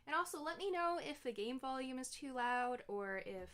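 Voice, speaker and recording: A woman's voice: high-pitched, expressive, moderate pace, few pauses, a bit bright. A young woman giving casual commentary while playing a video game, chatty and giggly, often correcting herself mid-sentence. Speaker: gaming streamer.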